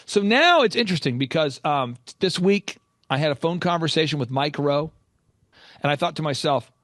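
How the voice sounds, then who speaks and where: A male business podcast host with a fairly high voice, telling stories with energy and heavy emphasis. His voice is recorded dry and close, with little room sound. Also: animated, normal speed, fairly bright tone, no room sound.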